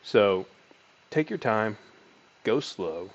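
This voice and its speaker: A sales trainer with a fairly low voice walks through sales call techniques very slowly, in a loose, casual teaching monologue with role-played call lines. His pitch rises and falls in lively swings, and he uses lots of fillers and restarts. The audio is somewhat dull and lo-fi.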